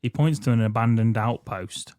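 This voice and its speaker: A man's voice: mid-range voice, moderate pace, darkish tone, no echo. A man with a mid-range voice walks through a film's plot as a podcast co-host. He is wry and crude and laughs often. The sound is dry and close, with no room around it. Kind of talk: casual chat recapping a film.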